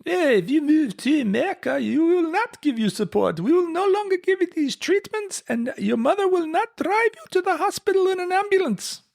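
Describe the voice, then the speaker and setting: A man voicing a stern, disapproving parent in a shrill, clumsy fake French accent. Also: a little fast, creaky, hardly any pauses, exaggerated voice. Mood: scolding.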